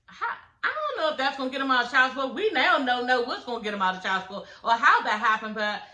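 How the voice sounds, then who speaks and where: A woman's voice: high-pitched, expressive, quick pace, pushed and bright, echoey room. A woman recapping a reality show in casual, blunt, profane chat, laughing as she talks.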